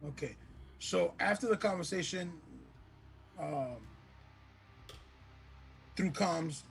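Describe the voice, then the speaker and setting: A man playing his character in a tabletop game, measured and questioning. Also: sits high, vocal fry, fairly bright tone, slight background noise. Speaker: player. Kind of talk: in-character tabletop role-play.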